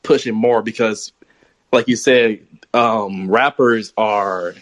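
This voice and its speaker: A young man calling in to a live stream for the first time, nervous and halting, with many ums. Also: fairly low pitch, fairly even intonation, dry recording. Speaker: caller. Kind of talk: casual call-in talk.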